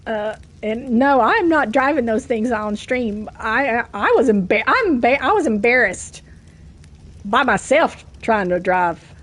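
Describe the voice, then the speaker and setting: A woman with a Southern US accent, chatting casually while streaming a game, getting over a cough, self-deprecating and quick to laugh. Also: on the high side, lively intonation, a bit bright. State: coughing from a cold.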